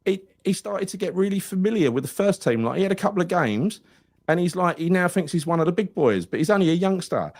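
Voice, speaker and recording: A man's voice: sits high, fast talker, no room sound, studio quality. A man, a podcast host rambling through anecdotes in casual chat and acting out the people in his stories. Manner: rambling anecdotal storyteller, animated retelling with quoted voices.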